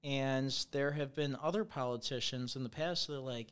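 A man hosting a casual podcast chat, talking loudly and rambling with lots of swearing and filler. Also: mid-range voice, normal speed, hardly any pauses, clear, resonant tone. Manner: loud, rambling, swears freely. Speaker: podcast host.

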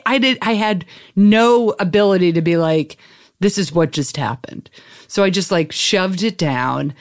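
A woman talking as a guest, telling a personal story in a chatty, animated way, with lots of "like" and "you know". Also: fairly high pitch. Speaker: podcast guest.

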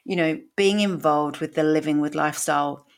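With a deep voice and a brisk delivery, a woman in her forties hosts a podcast. She recounts her personal story candidly and with feeling, swearing in a relaxed way.

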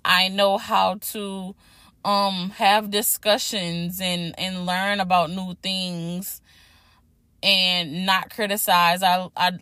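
A young woman talks straight into the mic on her solo podcast, loose and candid, with frequent swearing and restarts. She sounds slightly out of breath after a workout. Her voice sits at an ordinary pitch, and the recording is dry and close with no room sound. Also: flat delivery, slow, sharp tone, clean tone, no room sound. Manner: candid, chatty, swears freely, lots of restarts. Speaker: podcast host. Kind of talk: casual solo podcast talk.

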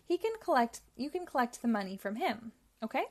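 A woman reading a picture book aloud, voicing a scrawny, rude little male billy goat who talks gruffly and cheekily. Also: a little high, lively intonation, a little fast. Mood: cheeky.

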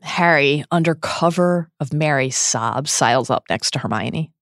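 A woman's voice: sits low, unhurried, dry recording, studio quality. A woman hosting a podcast, recapping a book in an earnest, dramatic reading. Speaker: podcast host.

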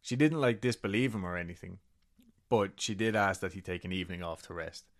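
A low-voiced man speaks briskly as a podcast co-host, casually retelling a story and reading quotes from a book. He swears and tosses in laughing asides.

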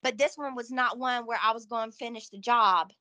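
A woman's voice: fairly high pitch, fairly quick. A woman guest on a podcast, telling a story in a casual, rambling way with lots of fillers. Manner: animated, rambling with many fillers and laughs.

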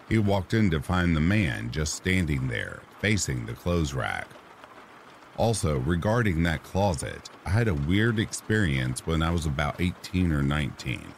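A man calmly narrating true ghost stories as a soothing bedtime read. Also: very deep voice, a little hiss or hum. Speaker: horror story narrator. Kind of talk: calm sleep-story narration. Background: rain sounds.

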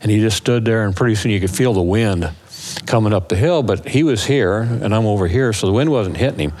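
A man's voice: lowish voice, brisk. Man animatedly telling a hunting story. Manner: animated, acts out calls and voices. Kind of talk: casual storytelling.

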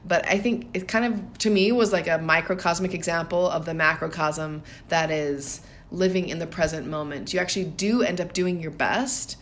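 A woman in her thirties with a fairly low voice, co-hosting a casual podcast. She speaks in a reflective, storytelling way and breaks into light laughs often. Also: normal speed, few pauses, a little hiss or hum. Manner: reflective, laughs often while telling stories. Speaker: podcast co-host.

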